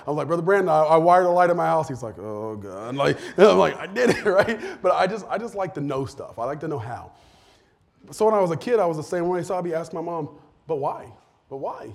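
A man's voice: mid-range voice, darkish tone. A man preaching a sermon in a chatty way, often laughing and acting out quotes. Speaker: pastor.

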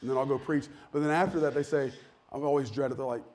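A man preaching a casual, candid sermon to his church, with frequent restarts and lively asides. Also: medium pitch, fast. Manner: candid, self-deprecating, animated with many restarts. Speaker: pastor. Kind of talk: conversational sermon. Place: church sanctuary.

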